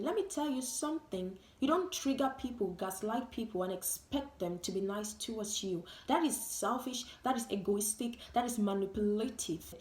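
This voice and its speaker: A woman's voice: mid-range voice, fairly quick, hardly any pauses, darkish tone. A woman vlogger giving an emphatic, repetitive monologue full of rhetorical questions. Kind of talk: opinion vlog monologue. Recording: roomy echo.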